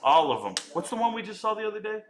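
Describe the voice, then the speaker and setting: A man's voice: high-pitched, very animated, fast, slight background noise. A man in his forties chatting casually on a home live stream, riffing and answering viewer comments. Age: 40s.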